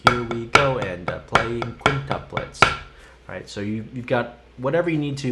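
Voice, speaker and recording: A man's voice: mid-range voice, normal speed, over loud music. A man teaching a live-streamed drum lesson, chanting counts and stickings in a sing-song way between explanations. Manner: sings counts and sticking aloud while demonstrating. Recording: loud instrument and metronome behind.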